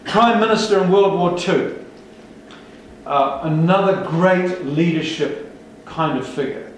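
Emphatic preacher in an echoey hall. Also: male voice, high-pitched, slow pace, slight background noise. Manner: emphatic, rhetorical questions, rousing. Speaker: pastor. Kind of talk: sermon. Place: large church hall. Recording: echoey hall, speaker far from mic.

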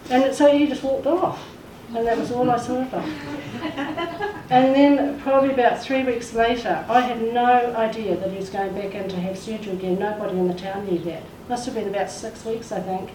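A woman's voice: on the high side, normal speed, dark tone. Woman sharing a heartfelt testimony from the pulpit, recorded from afar in a reverberant space. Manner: emotional storytelling, acts out quoted voices. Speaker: church speaker sharing a testimony. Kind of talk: testimony in a church service. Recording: echoey room, far from the mic, faint noise.

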